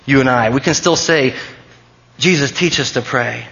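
A man's voice: mid-range voice, moderate pace, creaky, sharp tone, dull audio. A man preaching a sermon as pastor, earnest and emphatic, often repeating key phrases.

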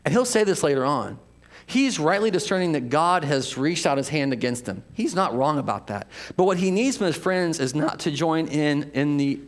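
Bright-voiced male preacher, dramatic swings. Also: on the high side. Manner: dramatic, swings from loud emphatic reading to hushed near-whispers. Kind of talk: expository sermon.

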